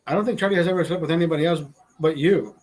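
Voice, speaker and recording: A man's voice: on the high side, very fast, a little mellow, poor audio. A man in his forties from Honduras telling a rambling, profane story in casual chat, laughing as he goes. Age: 40s. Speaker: podcast host.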